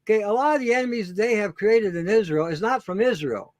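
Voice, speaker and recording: A man from Canada with a high-pitched voice who talks bluntly and emphatically, hammering his points with repetition and swearing. The recording sounds dry and close. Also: expressive, fairly quick, dry recording. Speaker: guest, show host himself. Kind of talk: blunt profane ranting.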